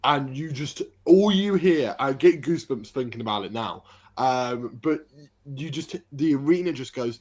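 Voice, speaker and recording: A man, a podcast co-host telling an excited story in casual chat. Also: medium pitch, normal speed. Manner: excited storytelling, animated retelling.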